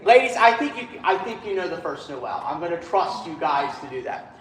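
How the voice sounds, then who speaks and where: A man's voice: a little high, very animated, normal speed, crowd noise. A man directing a choir rehearsal, counting in the singers and singing phrases to show them. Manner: counts in and sings phrases to demonstrate. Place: large echoey rehearsal hall. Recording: roomy hall with choir and piano behind. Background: choir singing and instruments.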